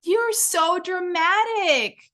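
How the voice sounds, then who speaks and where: A woman putting on a high, impatient Mexican mom. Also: slow, bright, forceful tone, heavily acted. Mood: exasperated. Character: hurried, exasperated Mexican mother scolding her young daughter.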